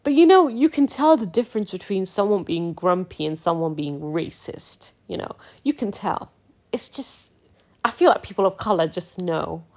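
A woman's voice: fairly low pitch, animated, normal speed, a little mellow. A young woman hosting her own podcast, talking in an emphatic, exasperated and casual way, often breaking into laughs. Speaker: podcast host.

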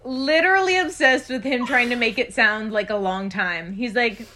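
A woman's voice: on the high side, moderate pace, pushed and bright. A woman co-hosting a podcast in casual chat, wry and laughing. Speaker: podcast co-host.

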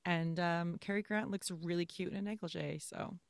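Chatty woman with a gravelly low voice. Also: moderate pace, no echo. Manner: animated, acts out movie scenes in quoted voices. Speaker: podcast co-host. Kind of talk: casual movie-review chat.

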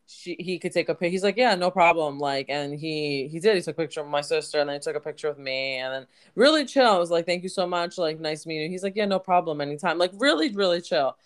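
A woman's voice: deep voice, quick pace, few pauses. A woman co-hosting a podcast, telling a story in casual chat, full of "like" fillers. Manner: chatty storyteller, many "like" fillers. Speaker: podcast co-host.

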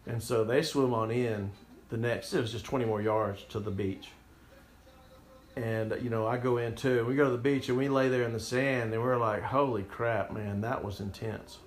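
A man's voice: mid-range voice, fairly even intonation, moderate pace. Man telling a story in a roomy space. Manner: rambling and conversational, with restarts. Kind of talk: personal story narration. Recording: roomy echo, faint music behind.

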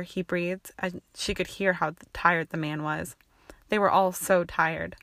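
A woman narrating a fan-fiction audiobook with an even, steady reading. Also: fairly low pitch, moderate pace, no echo, studio quality.

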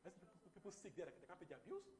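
A man preaching a sermon, emphatic and repetitive, rising into loud animated bursts. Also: sits high, racing, slight background noise.

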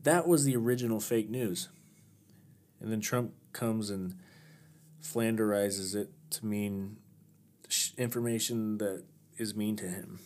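Man, low voice, solo podcast host, casual rambling chat, self-deprecating. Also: unhurried, pauses often, a little mellow, slight background noise.

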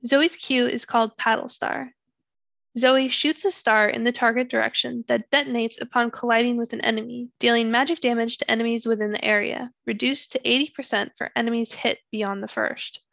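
A woman's voice: on the high side, brisk, creaky, no echo, muffled recording. A woman co-hosting a gaming podcast, methodically reading out stats and ability details in a casual way. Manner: steady, methodical reading of numbers. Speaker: podcast co-host.

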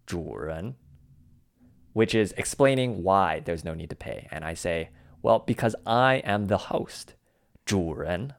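A man explaining the lines of a dialogue in a measured, methodical way. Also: low-pitched, smooth. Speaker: language teacher.

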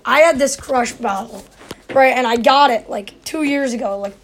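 A woman co-hosting a podcast in giggly, quick casual chat. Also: a little high. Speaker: podcast co-host.

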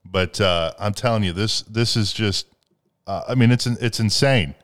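A podcast host with a lowish, fairly bright voice talks at a moderate pace. He rambles through crude stories in casual chat, swearing and using plenty of fillers.

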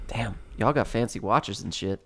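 A relaxed man bantering with friends, quick with slang and happy to argue small points. His tone stays easygoing and casual. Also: fairly low pitch, vocal fry, a little hiss or hum. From Wisconsin. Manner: laid-back, slangy and argumentative. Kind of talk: casual chat.

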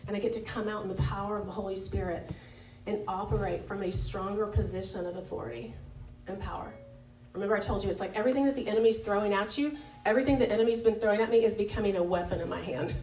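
Mellow-voiced woman leading a Bible study. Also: mid-range voice, fast talker, soft background music. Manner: conversational and candid, with many fillers and self-corrections. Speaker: women's Bible study leader. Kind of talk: informal devotional teaching talk. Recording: echoey room, picked up from a distance.

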